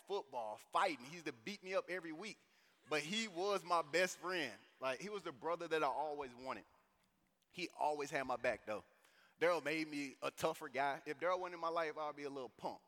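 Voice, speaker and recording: Man in his thirties, from St. Louis, casual animated storytelling, bright forceful voice, echoey hall reverb. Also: a little high. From St. Louis, USA. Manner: animated, casual storytelling with lots of slang asides. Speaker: conference speaker. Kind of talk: personal testimony talk. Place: conference hall.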